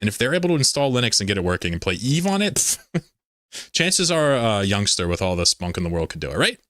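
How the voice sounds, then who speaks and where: A man's voice: lowish voice, very animated, a little fast, fairly bright tone, no echo, clean studio sound. A man hosting a casual livestream, rambling, laughing often and reading chat messages aloud. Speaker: livestream host.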